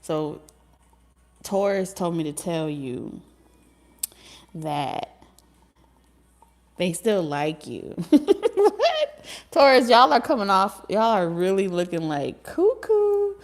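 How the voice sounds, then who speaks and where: A woman giving a casual tarot reading, talking in an animated, joking way with frequent laughs and casual swearing. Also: mid-range voice, slow, pauses often. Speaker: tarot reader.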